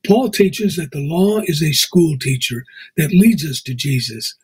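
A man with an American accent hosting a radio show, reading scripture and preaching in a measured, emphatic way. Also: on the high side, lively intonation, darkish tone, slightly rough, low-quality recording. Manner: measured, emphatic preaching with slow drawn-out stresses. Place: radio studio.

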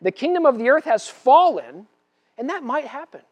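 A male pastor preaching a sermon in an animated way, moving from loud declarations to quiet asides, with touches of humor. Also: extremely high pitch, moderate pace.

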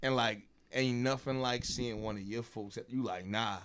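A man's voice: medium pitch, steady tone, normal speed, noisy background. A man telling a story in casual chat, loose and rambling, full of fillers, acting out what people said. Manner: loose, drawling storyteller, lots of fillers, acts out quotes.

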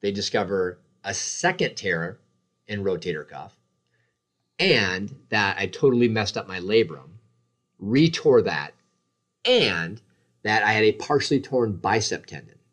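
A man in his forties with a fairly low voice tells a long story about his injuries in a relaxed, chatty way. He pokes fun at himself and slips into voices for his kids and wife. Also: unhurried. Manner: animated, acts out the voices of the people in his story; self-deprecating. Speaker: guest telling a story. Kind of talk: casual storytelling chat.

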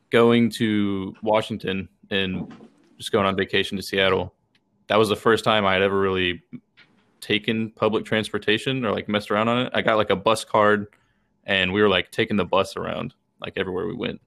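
A young man tells stories on a casual podcast, looping through fillers and dropping curses as he goes. His voice sits low and has a gravelly edge to it. The delivery is loose, conversational and unpolished. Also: level tone, normal speed, fairly bright tone. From Texas. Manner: rambling storytelling, swears freely, fillers. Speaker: podcast co-host. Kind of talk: casual chat.

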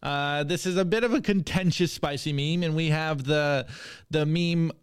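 A male podcast host reading and reacting to memes in an energetic, hype way. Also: a little high, moderate pace, clear, resonant tone, no echo, studio quality. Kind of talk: meme review segment on a podcast.

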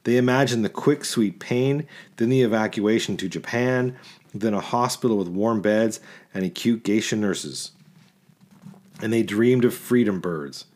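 Man, audiobook narrator, literary story reading, measured rhythmic delivery, fairly low voice. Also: a little mellow.

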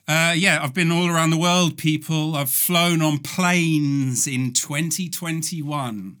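A man's voice: on the high side, slow pace, hardly any pauses, a bit bright. A man hosting a comedy podcast, talking in a playful, self-mocking monologue from home in quarantine. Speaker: podcast host.

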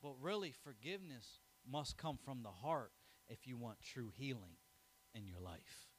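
A man's voice: mid-range voice, lively intonation, unhurried, slight background noise. A young man preaching a sermon, telling a family story, then reading scripture and building to emphatic, rising declarations. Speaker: pastor.

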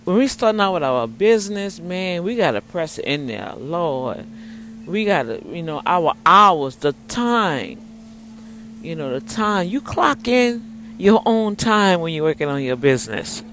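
Animated preachy woman vlogging. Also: fairly low pitch, measured pace, a little hiss or hum. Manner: animated, preachy, talks straight to viewers; snacking while talking. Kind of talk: casual testimony vlog.

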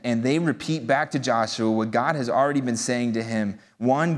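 Casual young-sounding preacher in a reverberant hall. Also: male voice, mid-range voice, moderate pace. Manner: casual conversational preaching with fillers. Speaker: pastor. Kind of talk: sermon. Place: church hall.

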